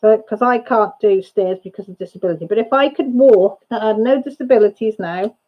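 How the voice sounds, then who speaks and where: A woman's voice: medium pitch, a little fast, lo-fi sound. Chatty woman hosting a craft stream. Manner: chatty, rambling, self-interrupting. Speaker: crafting channel host. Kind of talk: casual livestream chat. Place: at home.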